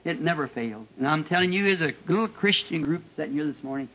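A man preaching a sermon as a personal testimony, turning emotional and shooting into high-pitched bursts as he tells his story, recorded at a church meeting. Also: animated, fast, hardly any pauses, fairly bright tone, a little hiss or hum. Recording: dull lo-fi archival tape.

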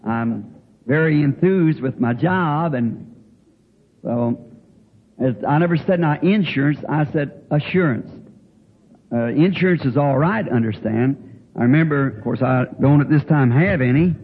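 An older man preaching in a folksy way, telling a homespun story with halting restarts. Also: mid-range voice, husky. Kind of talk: folksy sermon anecdote. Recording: tinny phone-like old recording with faint hiss.

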